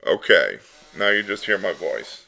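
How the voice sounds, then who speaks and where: This hobbyist's voice sits low, with big pitch swings, vocal fry, and a pushed, bright quality, moving a little slowly. Tinkering at his home workbench, he gives a casual electronics tutorial with wry asides, using a desktop mic sometimes heard through a breadboard circuit amid circuit distortion and synth tones.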